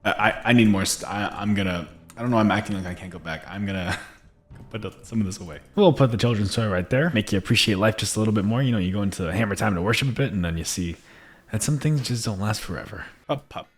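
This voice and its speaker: Low-voiced man chatting over gameplay. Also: quick pace. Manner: chatty, reads in-game texts aloud, frequent laughs and restarts. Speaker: gameplay streamer. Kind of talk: casual gameplay commentary.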